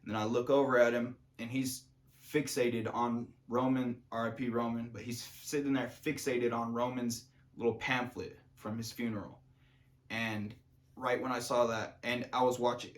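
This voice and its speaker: A man's voice: medium pitch, level tone, moderate pace. Rambling young-sounding man vlogging. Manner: rambling, many fillers and restarts. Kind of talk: rambling casual monologue.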